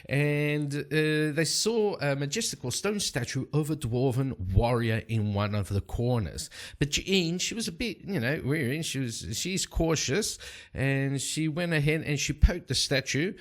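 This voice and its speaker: Slow-talking man narrating a solo game. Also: mid-range voice. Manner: rambling, relaxed, many fillers. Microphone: desk microphone.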